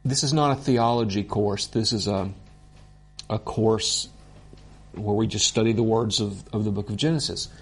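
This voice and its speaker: A man teaching a Bible course in an earnest, deliberate way, openly moved by what he teaches. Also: lowish voice, fairly even intonation, slightly rough.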